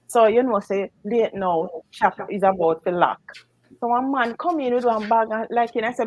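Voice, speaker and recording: A middle-aged Jamaican woman telling a lively story in casual patois, laughing often and acting out the voices of the people in it. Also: medium pitch, normal speed, no echo, highs cut off. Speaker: guest storyteller.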